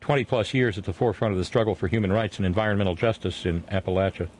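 Male talk host, middle-aged, earnest and halting, fairly low voice. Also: a little mellow. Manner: earnest, halting with many restarts. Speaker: radio show host. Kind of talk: casual on-air chat and sign-off.

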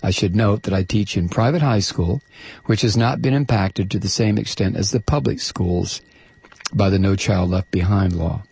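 A man's voice: lowish voice, normal speed, gravelly, a little mellow, breathy edge. A man hosting a talk show, reading a listener's letter aloud in an emphatic, sarcastic way. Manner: emphatic, sarcastic, stretches key words.

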